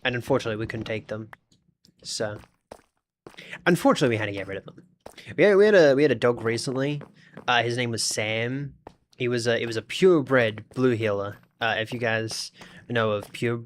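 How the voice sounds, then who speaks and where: Australian male streamer, mid-pitched, rambling and chatty, talks to chat as he tinkers. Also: a little hiss or hum. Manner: chatty, thinks aloud, talks to chat while fiddling with the game. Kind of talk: casual live-stream chat.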